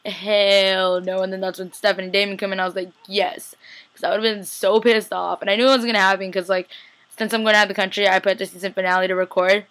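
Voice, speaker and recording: A woman's voice: medium pitch, level tone, rapid-fire, a bit bright. A young woman casually recapping a TV episode, chatty and slangy, acting out the characters' lines. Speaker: TV recap vlogger.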